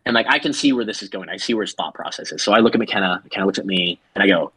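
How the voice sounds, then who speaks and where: A man tells a story on a podcast in a lively, swooping voice, full of laughs. His tone is slightly husky and the sound is dry and close. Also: low-pitched, rapid-fire, dry recording. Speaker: podcast co-host. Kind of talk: casual storytelling.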